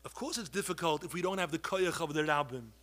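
Preacher guy, high bright voice, passionate, keeps pleading, everywhere. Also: fast. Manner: pleading, rises to loud outbursts, heavy Yiddish and Hebrew terms. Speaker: rabbi giving a talk. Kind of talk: impassioned sermon.

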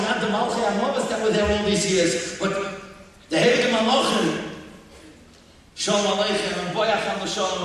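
A man as a rabbi, telling a story in a sermon, animated, acting out quotes and breaking into song. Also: high-pitched, slight background noise. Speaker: rabbi giving a talk. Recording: echoey hall, distant mic, faint ambience.

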